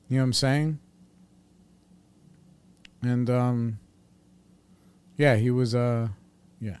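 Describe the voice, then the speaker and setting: A man's voice: mid-range voice, fairly even intonation, takes it slowly, pauses often, darkish tone, clear, resonant tone. A man hosting a podcast, telling a story in a blunt, profane, streetwise way. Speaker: podcast host. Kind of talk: casual storytelling monologue.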